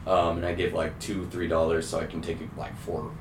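A man's voice: low voice, little pitch movement, brisk. A young man casually telling a rambling story, swearing and full of fillers. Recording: roomy sound, mic far off, faint hum.

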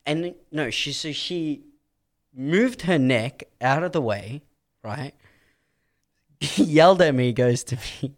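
A man co-hosting a chatty podcast, his voice sitting a little high. He tells stories with a lot of swing in his pitch and acts out the quotes loudly. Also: lively intonation, slow, long pauses. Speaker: podcast co-host. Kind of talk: casual chat, storytelling.

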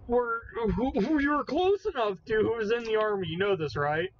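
A high-pitched man co-hosting a casual podcast chat. His voice swings widely as he exclaims, swears and riffs excitably. The recording is a little muffled, with a faint hiss behind it. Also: moderate pace. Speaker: podcast co-host. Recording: slightly muffled with faint noise.

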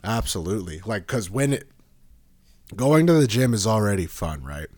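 A young man hosting a podcast, chatting casually in a rambling, profane, animated way and laughing often. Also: fairly low pitch, moderate pace, dry recording, studio quality. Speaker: podcast host.

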